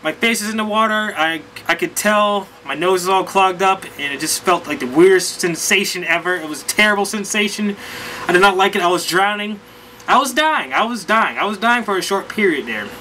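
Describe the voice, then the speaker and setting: A man vlogger telling a rambling, animated story in casual chat with lots of fillers. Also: sits high, fairly quick, slight background noise, low-quality recording.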